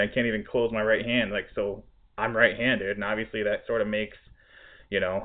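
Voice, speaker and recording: Male podcast host, laughing, exasperated storyteller; narrow lo-fi sound. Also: on the low side. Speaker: restaurant cook. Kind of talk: casual storytelling chat. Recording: tinny phone-like audio.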